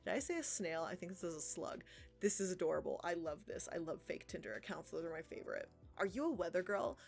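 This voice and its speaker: A woman's voice: lowish voice, animated, quick pace, gravelly, faint music behind. A woman livestreamer reading profiles aloud and reacting in casual commentary, sarcastic and swearing, laughing often. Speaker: art livestreamer.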